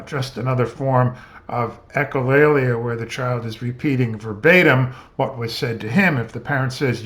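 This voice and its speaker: A middle-aged man lecturing as a pediatrician, explaining in a measured, patient way with the occasional filler. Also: mid-range voice. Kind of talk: educational lecture.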